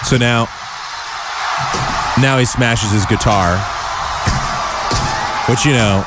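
A man hosting a talk show, giving casual, sarcastic commentary with quick asides. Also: medium pitch, loud music behind the voice, a loud crowd. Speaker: show host.

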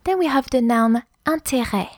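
A French-accented podcast host and teacher, her voice sitting high and animated, walks through vocabulary at normal speed, carefully explaining each word and spelling it letter by letter. The studio sound is clean with no echo.

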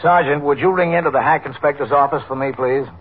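A man playing a brisk, even-tempered police captain in a 1950s radio drama, talking with direct, friendly authority. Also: on the high side, slightly rough. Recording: tinny old radio broadcast.

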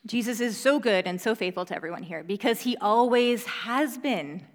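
A woman's voice: fairly high pitch, normal speed. A young woman, a mother, giving an earnest, conversational Bible teaching with casual fillers. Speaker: preacher. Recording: reverberant hall.

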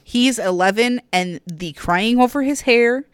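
A woman's voice: a little high, measured pace, clean tone, dry recording. A woman co-hosting a casual podcast, speaking earnestly and firmly, with frequent restarts. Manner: earnest, firm, lots of restarts. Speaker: podcast co-host, parent. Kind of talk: casual chat.

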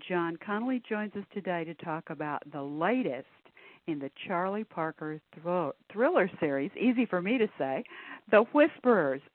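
A woman hosting a radio interview, enthusiastic and quick to laugh. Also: fairly low pitch, expressive, dry recording. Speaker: radio host. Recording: tinny phone-like sound.

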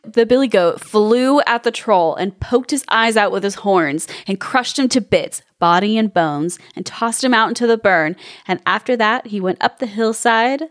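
A woman's voice: mid-range voice, moderate pace, hardly any pauses. A woman co-hosting a podcast, reading a fairy tale aloud and breaking off with playful, laughing comments. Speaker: podcast co-host.

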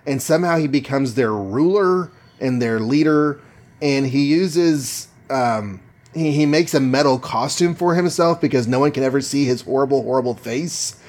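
A man's voice: mid-range voice, moderate pace, darkish tone. A man co-hosting a podcast, retelling a comic-book story in a jokey, chatty way with lots of fillers. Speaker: podcast co-host. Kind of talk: casual comic-book recap.

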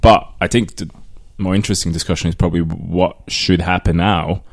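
A man on a football podcast panel, talking through the match in a measured, analytical way. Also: sits low, fairly even intonation, vocal fry. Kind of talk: casual football chat.

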